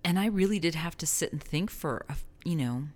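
Low-voiced woman, rambling chat. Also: expressive, brisk, darkish tone. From New Mexico. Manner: rambling, self-correcting, laughs often. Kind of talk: casual conversation.

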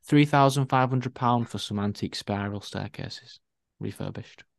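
A man, co-hosting a casual podcast and telling wry anecdotes with animated emphasis. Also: medium pitch, moderate pace, gravelly, no echo. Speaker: podcast co-host.

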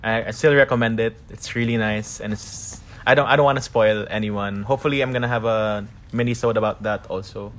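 A man hosting a casual group podcast chat, chatty and quick to laugh. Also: fairly low pitch, steady tone. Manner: laughs often, chatty and playful. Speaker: podcast host.

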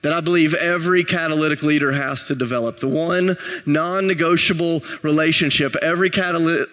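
A man's voice: fairly high pitch, steady tone, a little fast, fairly bright tone. A man preaching a sermon, telling stories with self-deprecating humor and building to rising intensity. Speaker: pastor.

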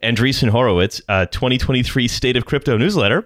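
A man's voice: medium pitch, fast talker, few pauses, fairly bright tone, dry recording. A man hosting a podcast in casual chat, riffing sarcastically with dry humor. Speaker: podcast host.

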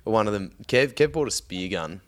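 A man's voice: on the low side, lively intonation, normal speed. A man casually telling a story on a podcast, laid-back, swearing often and laughing along.

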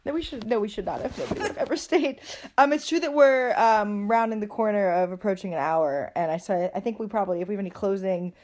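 A woman hosting a podcast in casual chat, expressive and quick to react. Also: medium pitch. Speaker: podcast host.

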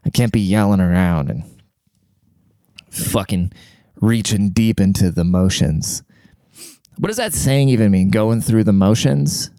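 A man in his thirties talking quietly in a rambling, profane casual monologue, keeping his voice down to a near whisper. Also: fairly low pitch, lively intonation, measured pace, long pauses, no room sound. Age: 30s. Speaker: vlogger.

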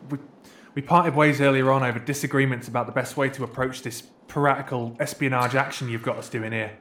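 A man's voice: medium pitch, steady tone, fast, fairly bright tone, lightly acted. A man voicing an earnest young musician who is held captive and talks in a hesitant, apologetic way. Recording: echoey room.

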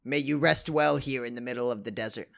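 Gravelly-voiced man playing a tabletop game. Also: medium pitch, fast, fairly bright tone. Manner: joking, laid-back. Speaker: player. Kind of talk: casual tabletop play.

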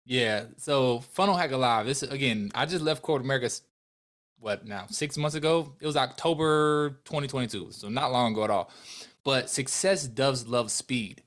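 A man's voice: mid-range voice, moderate pace. A young man as a podcast guest, earnestly telling a personal story, acting out the dialogue and speaking openly about his faith. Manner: earnest, animated, faith-filled, acts out dialogue.

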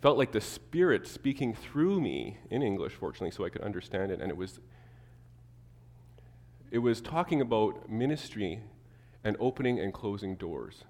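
A man preaching a sermon to his church, animated, acting out the people he quotes. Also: lowish voice, normal speed, in a large hall. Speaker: pastor.

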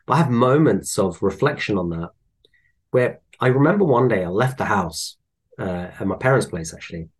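Husky man telling stories. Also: fairly low pitch, normal speed. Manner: animated storyteller, acts out voices in anecdotes. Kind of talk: casual conversation.

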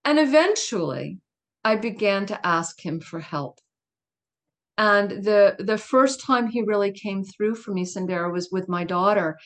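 Middle-aged woman, interview guest, casual storytelling, emphatic, candid, laughing asides, mid-pitched voice. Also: animated, unhurried.

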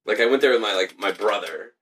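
A man's voice: fairly low pitch, fast talker, far from the mic, a little hiss or hum. A young man in casual profane banter, laughing often and telling stories with lots of swearing. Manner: laughing, swearing, animated storytelling.

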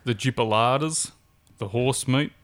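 A man's voice: mid-range voice, unhurried. A man co-hosting a casual chat, making dry, wry remarks. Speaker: podcast co-host.

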